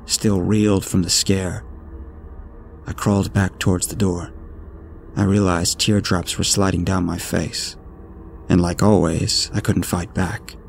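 A man narrating a horror story in a steady, ominous storytelling manner. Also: low-pitched, measured pace, creaky. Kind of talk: scripted narration. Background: faint music.

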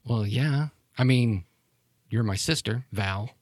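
A man's voice: medium pitch, slow pace, a little mellow, no room sound, studio quality. A man voicing a woman who is the long-lost sister, glib and bitter, talking casually and swearing. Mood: teasing.

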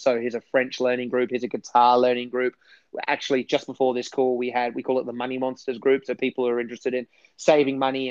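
A man's voice: mid-range voice, darkish tone, no room sound, highs cut off. A man talking enthusiastically as a guest in a casual interview, rambling a little with restarts. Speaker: podcast guest.

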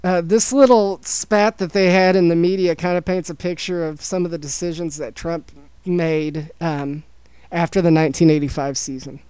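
A man's voice: a little high, steady tone, normal speed, darkish tone, clear, resonant tone, dry recording, low-quality recording. A man hosting a casual podcast, walking through a story from his notes and slipping in dry jokes. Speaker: podcast host presenting a story.

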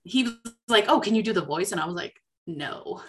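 Bright-voiced woman telling a lively story. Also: mid-range voice, fairly quick. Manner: animated storyteller, quoting herself. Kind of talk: casual chat.

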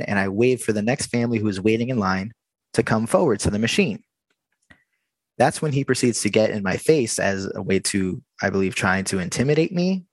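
Low-voiced man telling a story. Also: normal speed, no echo. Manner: animated, acts out the dialogue. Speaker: theme park worker telling a story. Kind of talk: casual storytelling.

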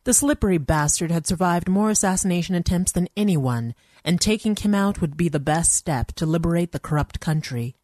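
A woman's voice: fairly low pitch, expressive, fairly quick, a little mellow, dry recording, clean studio sound. A woman narrating a first-person story in a wry, conversational manner.

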